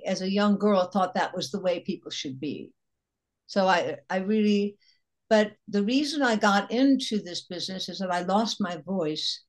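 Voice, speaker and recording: An older woman actress with a husky voice, telling animated anecdotes as an interview guest. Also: mid-range voice. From Chicago area. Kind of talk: casual interview chat.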